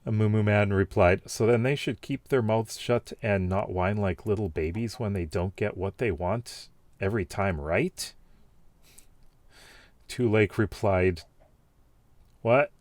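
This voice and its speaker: A man's voice: fairly low pitch, measured pace, long pauses, a little mellow, no echo. A man casually reading out and reacting to viewer comments, rambling with many fillers and restarts. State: has the hiccups.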